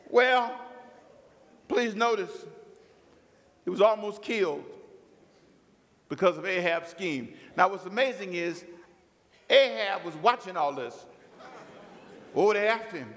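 Male preacher, high and bright, lively storytelling sermon in a reverberant hall. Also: measured pace, long pauses. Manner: animated storytelling, acts out biblical characters.

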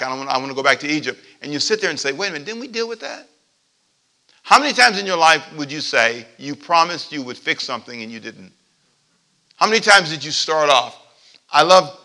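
A male pastor preaching a sermon in church, swinging from loud emphatic points to quiet asides and calling on the congregation to repeat after him. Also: medium pitch, vocal fry. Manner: lively preaching with call-and-response to the congregation.

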